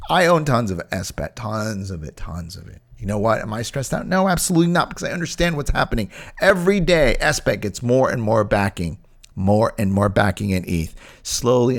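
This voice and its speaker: A man's voice: medium pitch, fairly bright tone. Brash man doing crypto stock commentary. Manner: brash, emphatic, repeats phrases for emphasis. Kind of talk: casual market commentary video.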